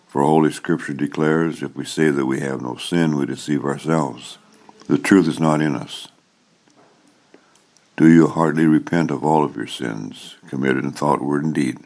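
A man serving as pastor, leading a church liturgy with a solemn, measured cadence. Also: a bass voice.

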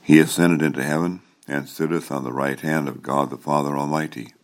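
A pastor with an extremely deep, low voice leads a formal liturgy. He speaks in a solemn, measured cadence and lets each phrase settle. It is a man's voice throughout. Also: fairly even intonation. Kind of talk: liturgical service leading.

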